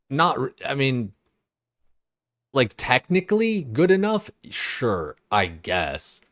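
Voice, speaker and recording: A man's voice: mid-range voice, sing-song, slow pace, fairly bright tone, no room sound, clean studio sound. A young man streaming games, ranting in a loose, exasperated way, full of swearing and filler words. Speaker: gaming streamer. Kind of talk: casual livestream rant.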